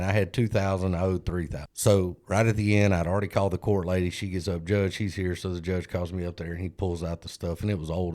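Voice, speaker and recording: A man's voice: sits low, darkish tone. A man, co-hosting a podcast and telling a candid, self-deprecating story in casual chat. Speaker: podcast co-host.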